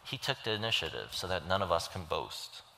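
Earnest preacher in an echoing hall. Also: male voice, low-pitched, very animated, a little fast, gravelly, sharp tone. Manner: earnest, pleading, retells stories acting out the voices. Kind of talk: sermon. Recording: long hall reverb.

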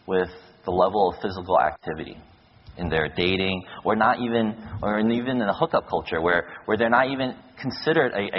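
A man preaching a sermon, telling stories with lively acted-out quotes. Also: on the low side, breathy edge. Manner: animated storytelling with acted-out quotes. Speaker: pastor. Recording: dull echoey hall, lo-fi.

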